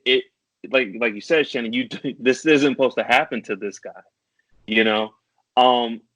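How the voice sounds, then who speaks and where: A man's voice: on the low side, fairly bright tone, no room sound. A man in his thirties, co-hosting a podcast in casual chat, reflective, stammering now and then and laughing between thoughts. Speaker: podcast co-host. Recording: dry, dull lo-fi sound.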